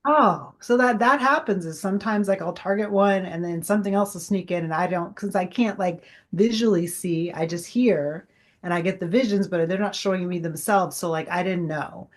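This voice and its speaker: A woman's voice: fairly low pitch, normal speed. A woman in her forties, a guest chatting casually in an interview, rambling with many fillers and acting out past conversations.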